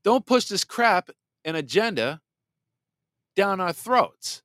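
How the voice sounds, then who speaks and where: A man hosting a political commentary podcast, blunt and sarcastic, reading viewer comments aloud and sometimes mocking others in a shrill put-on voice. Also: big pitch swings, takes it slowly, fairly bright tone, no room sound, studio quality. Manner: blunt and sarcastic, mocks voices in exaggerated falsetto. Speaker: podcast host.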